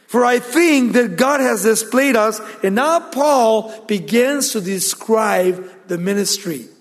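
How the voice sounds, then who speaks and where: Male pastor, sermon delivery, emphatic call-and-answer, high voice, long reverb. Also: expressive, slow. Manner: emphatic preaching, rhetorical questions answered aloud.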